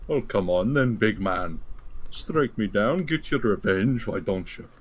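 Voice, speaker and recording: A man plays an old, weathered combat diver at a tabletop game. He taunts his opponent fearlessly in a low, mocking voice. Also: expressive, unhurried. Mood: taunting. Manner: mocking and goading.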